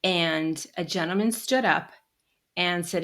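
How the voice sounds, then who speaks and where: A woman hosting a podcast, chatting warmly and getting emotional as she tells a story. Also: mid-range voice, a little slow. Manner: warm and emotional when telling stories, chatty. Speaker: podcast host. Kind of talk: casual interview conversation.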